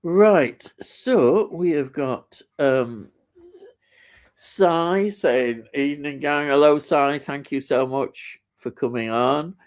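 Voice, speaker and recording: Slow-talking enthusiastic man. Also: on the high side. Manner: enthusiastic, rambling with many fillers and restarts. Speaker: live stream co-host. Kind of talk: casual live-stream chat, reading out viewer comments.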